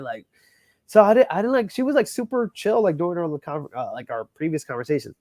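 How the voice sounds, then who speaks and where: A male wedding DJ tells a story in an animated, profane way, with "bro" and "like" in every other breath. His voice sits a little high for a man. The sound is close and dry, with no room around it. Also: fast talker, dry recording. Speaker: wedding DJ guest. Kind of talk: casual storytelling chat.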